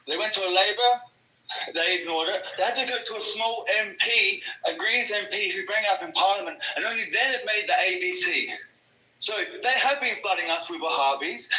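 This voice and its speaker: Here an Australian man on a call-in line vents with a high, bright, forceful voice, swearing and rambling through an aggressive rant. His sound is echoey, as if far from the mic.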